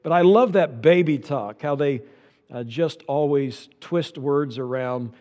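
A man's voice: a little high, measured pace, warm tone, big-room sound, dull audio. An older man preaching a sermon, folksy and anecdotal, repeating key lines for emphasis. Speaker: pastor.

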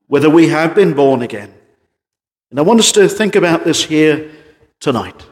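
A man preaching an evening sermon as pastor, emphatic, with drops into a quiet voice. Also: a little high. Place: church. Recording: church hall reverb.

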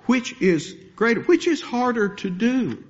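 A man preaching a sermon, animated and rising to emphatic peaks as he builds his points. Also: very high-pitched, a little slow, highs cut off. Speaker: pastor.

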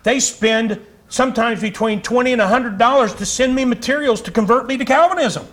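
Male pastor, high-pitched, fiery conversational sermon delivery in a church. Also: brisk, a bit bright. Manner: fiery, conversational preaching with asides and laughs. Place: church sanctuary.

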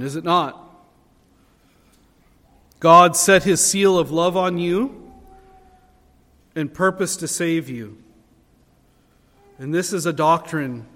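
A man with a high voice delivers an earnest sermon from the pulpit. He presses his key phrases with rising emphasis. His words carry a long reverb through a church sanctuary. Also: a bit bright. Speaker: pastor.

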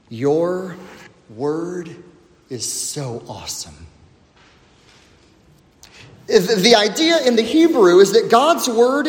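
A pastor preaches to his congregation, a man with a high voice that swings widely in pitch. He takes his time, pausing for emphasis and sinking to a quiet hush on key words. His voice rings through a large hall with a long, echoing reverb. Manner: emphatic preaching with slow dramatic pauses and dropping to a low hush. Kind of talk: sermon. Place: church sanctuary.

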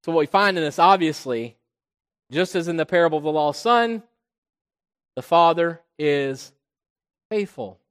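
A man preaching a sermon as pastor. He swells loud on key points and drops low and soft on quiet ones. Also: expressive, a little slow, long pauses, clear, resonant tone. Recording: long reverb of a large hall.

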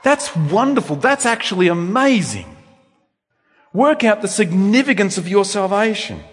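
Male pastor, sermon, slightly higher voice, animated, long church reverb. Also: unhurried, slightly rough. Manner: animated preaching, swinging between loud emphasis and quiet reflection.

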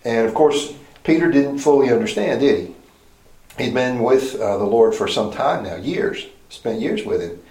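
A man's voice: mid-range voice, expressive, moderate pace, darkish tone. A man preaching a Bible lesson in a conversational way, asking rhetorical questions and often restarting his sentences. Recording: roomy echoey hall.

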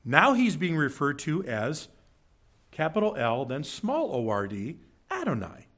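A man preaching in a church, teaching from scripture with emphatic, animated delivery and frequent check-ins with the congregation. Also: a little high, a little slow. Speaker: pastor. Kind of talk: sermon. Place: church sanctuary.

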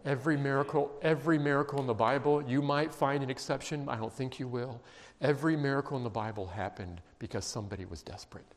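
A man preaching a sermon, emphatic and emotional, dropping to quiet intense passages. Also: mid-range voice, quick pace, few pauses. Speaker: pastor. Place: church sanctuary. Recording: long reverb of a large hall.

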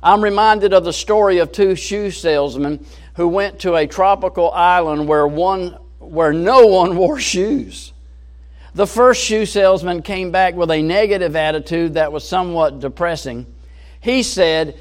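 A man's voice: high-pitched, measured pace. A man preaching a sermon in an earnest, emphatic way, rising and falling in volume.

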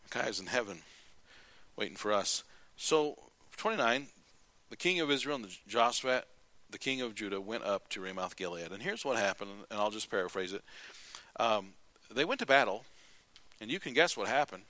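A male preacher giving a sermon, retelling scripture in an animated, folksy storytelling way. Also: on the low side, normal speed, pauses often, no room sound.

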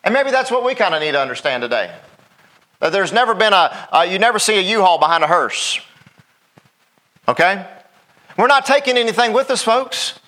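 Man, pastor, folksy sermon, bright tone. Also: sits high, very animated, fairly quick, long pauses. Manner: folksy, asks the congregation "Amen?".

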